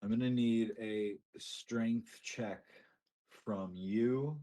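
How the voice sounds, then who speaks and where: A man's voice: on the low side, fairly even intonation, extremely slow, mellow. A young man narrating a tabletop game as game master, casual and full of fillers.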